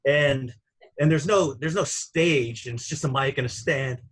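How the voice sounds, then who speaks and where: Husky-voiced man comedian telling a rowdy story. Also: mid-range voice, measured pace, poor audio. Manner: profane, rambling, laughs at his own story. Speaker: stand-up comedian, guest. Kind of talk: casual storytelling.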